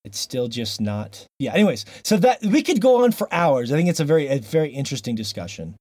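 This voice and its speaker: A man hosting a podcast in a casual chat. He talks in an animated, joking way that tends to ramble. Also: mid-range voice, brisk, dry recording, clean studio sound. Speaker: podcast host.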